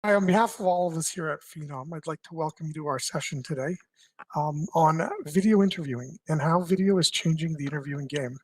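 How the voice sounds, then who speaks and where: Brisk, upbeat male webinar presenter. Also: on the high side, no echo, poor audio. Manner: brisk, upbeat welcome and questions. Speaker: session presenter.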